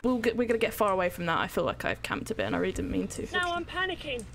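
A woman giving excitable, sweary, self-mocking commentary on her own gameplay as a streamer. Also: mid-range voice, very fast, vocal fry. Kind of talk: live gaming commentary.

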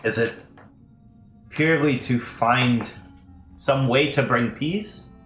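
A man's voice: medium pitch, takes it slowly, a bit bright. A man voicing a young storm giant queen, female, who talks in a commanding, demanding way. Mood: weary. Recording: echoey room, faint music.

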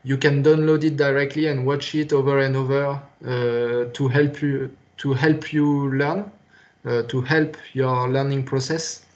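A man's voice: medium pitch, little pitch movement, unhurried, a little mellow, lo-fi sound. A man with a French accent, a native French speaker, giving a recorded university lecture in a hesitant, patient way with many fillers and restarts.

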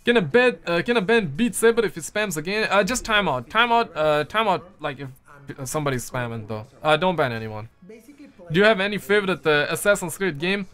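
A man chatting freely to his live-stream viewers, loose and full of slang. He talks into a headset mic, and his voice sits a bit higher than the usual male range. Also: lively intonation, fairly quick, a bit bright. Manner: slangy, loose, answers chat messages. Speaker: gaming streamer. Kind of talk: casual live-stream chat.

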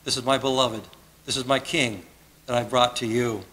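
A man's voice: mid-range voice, fairly even intonation, moderate pace, pushed and bright, rough recording. A man preaching a sermon as pastor, earnest and conversational, often repeating his phrases. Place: church sanctuary.

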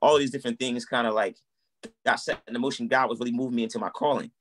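Animated man telling his story. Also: medium pitch, fast, slight background noise. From United States. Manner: animated, acts out quoted dialogue. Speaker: guest, musician and minister. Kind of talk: casual conversational storytelling.

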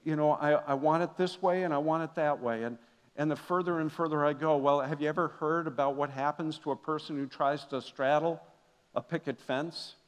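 In a church sanctuary, a pastor preaches a sermon in a high, ringing voice, dropping into quiet, confessional passages before rising again to loud, emphatic declarations. The long reverb of the large hall lingers after every phrase.

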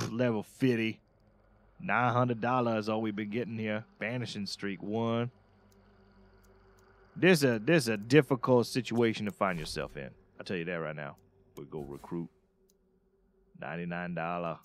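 A man's voice: lowish voice, steady tone, a little slow, pauses often. A man streaming a game, chatting in a drawling, folksy way and often exclaiming "Oh, Lord.". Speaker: streamer playing as a Louisiana bayou character. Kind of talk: casual gaming stream banter with put-on Cajun drawl.

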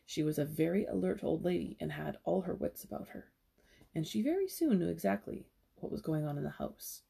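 A young woman reads a children's novel aloud, stopping now and then for casual asides. Her voice is strongly gravelly and a bit husky, with a dark, mellow tone. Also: lowish voice, lively intonation, brisk. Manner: casual asides between passages. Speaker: storyteller.

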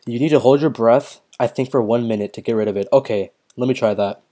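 Young man, game streamer, excitable, swears a lot, hiccuping, mid-range voice. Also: medium pitch, fairly quick. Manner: excitable, swears often, reads chat aloud. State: hiccuping, clearing throat. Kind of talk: casual live-stream commentary.

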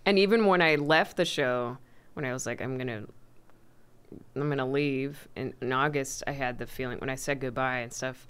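Low smooth voiced woman, soft and halting, guest on a chatty podcast. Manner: soft-spoken, halting, trails off. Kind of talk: casual chat.

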